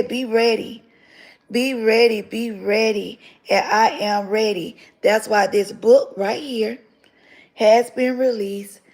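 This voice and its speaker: Gravelly woman giving a fervent testimony. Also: on the high side, darkish tone, poor audio. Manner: fervent, repeats phrases for emphasis. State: tearful at times. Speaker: livestream host sharing her testimony. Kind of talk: emotional spoken testimony on a livestream.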